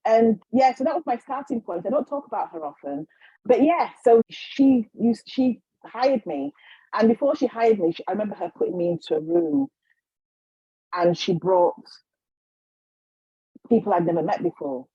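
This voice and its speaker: Woman guest, storyteller who acts out the people she quotes, husky voice, dry slightly dull recording. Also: fairly high pitch, big pitch swings, normal speed, mellow, dry recording. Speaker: guest, healer and psychic. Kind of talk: storytelling in a casual interview.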